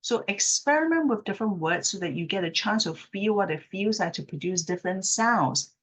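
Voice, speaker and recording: A woman speech therapist explaining a technique patiently, checking in with the listener and acting out example phrases slowly with exaggerated inflection. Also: mid-range voice, animated, fairly bright tone. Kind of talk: instructional talk to camera.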